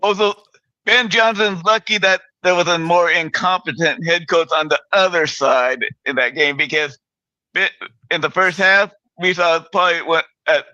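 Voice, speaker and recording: A man's voice: a little high, sharp tone, no room sound, dull audio. A man co-hosting a casual sports talk show, blunt and opinionated, stumbling a little as he talks.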